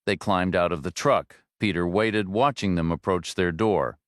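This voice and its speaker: A man narrating a thriller audiobook in a steady, even storytelling manner. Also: sits low, moderate pace, dry recording. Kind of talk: scripted narration. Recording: dry close studio read.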